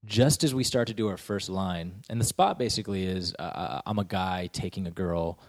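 A young man, a comedian and actor, telling stories in a casual podcast chat, jumping into high voices to act out quotes. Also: normal speed, dry recording, clean studio sound. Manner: animated storyteller, acts out quotes in high voices.

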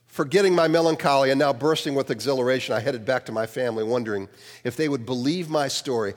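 A minister telling a first-person testimony in an animated way, acting out the dialogue. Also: male voice, medium pitch, fast talker, in a large hall.

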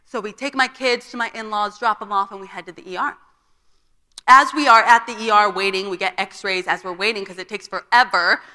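A young woman tells a personal story at a church gathering, slipping into the voices of the people she quotes. Her voice is bright and forward, pitched a little high. The sound carries a long hall reverb. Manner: storytelling, acts out quoted dialogue. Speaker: conference speaker. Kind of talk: personal testimony. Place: church auditorium.

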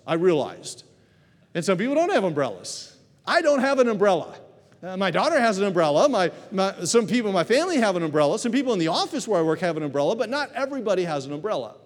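Guy preaching a sermon, high voice, swings all over, big echoey hall. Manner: animated storytelling, acts out quoted voices. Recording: reverberant hall.

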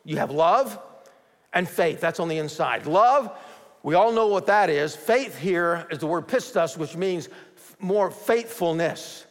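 A man preaching a sermon as pastor, rising to forceful emphasis and sinking low and quiet to voice a doubter. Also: animated, a little slow, big-room sound.

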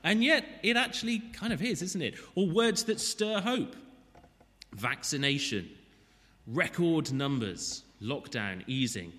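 Male preacher, bright and forceful tone, relaxed joking asides. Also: fairly high pitch, unhurried, long reverb tail. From Wales. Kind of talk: sermon.

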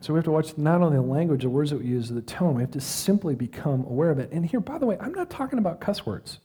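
Middle-aged guy pastor giving a sermon, mellow warm voice, talks casual and slows down for effect. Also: a little high, sing-song, husky. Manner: conversational preaching with dramatic pauses and acted self-talk.

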